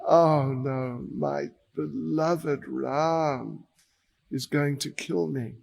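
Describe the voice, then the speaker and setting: A man's voice: a little high, drawn-out words, vocal fry, darkish tone, big-room sound, heavily acted. A man doing a terrified man begging mercy. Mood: pleading. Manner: plaintive, crying. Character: frightened male hunter chief begging for mercy.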